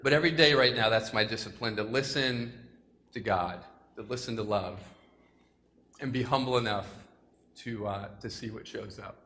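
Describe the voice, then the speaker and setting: A man's voice: on the low side, moderate pace, long pauses, bright, forceful tone. A man giving a casual, joking motivational talk to a school assembly, chatty and self-deprecating, at times choked up. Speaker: speaker addressing a school assembly. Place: large hall with an audience. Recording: long hall reverb, faint room noise.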